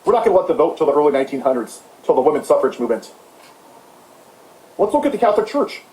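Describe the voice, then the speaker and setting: Male commentator, high-pitched, mocking and heated, in an echoey room. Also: big pitch swings, fast talker, a little mellow. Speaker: political commentator. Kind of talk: impassioned ranting monologue.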